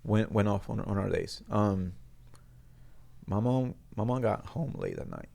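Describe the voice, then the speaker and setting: A man with a low, gravelly voice and a dark, mellow tone, telling a personal story as a guest in a studio interview. He speaks in a halting, earnest way, often circling back and restarting his sentences. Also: huge pitch swings.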